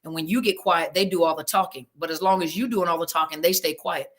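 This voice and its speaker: A woman therapist hosts a live audio room, reading comments from listeners and responding in a casual, Southern-flavored manner. She talks fast in a lowish, bright, forward voice, and whenever a technical slip happens she gets flustered and apologizes to everyone in a homey way.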